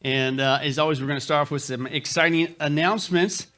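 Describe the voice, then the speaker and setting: Folksy pastor with a higher voice. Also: male voice, fairly even intonation, fairly quick, pushed and bright. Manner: jokey, folksy, frequent "uh" fillers. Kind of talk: church announcements to a live congregation. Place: church sanctuary.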